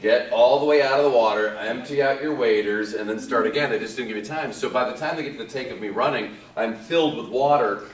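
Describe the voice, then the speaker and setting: A man's voice: medium pitch, fast talker, hardly any pauses. Man telling stories in an echoey hall. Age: 40s. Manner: animated storyteller, acts out quotes, laughs often. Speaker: actor guest at a convention panel. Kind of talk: casual anecdote to a live audience. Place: convention hall. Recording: echoey hall, distant mic.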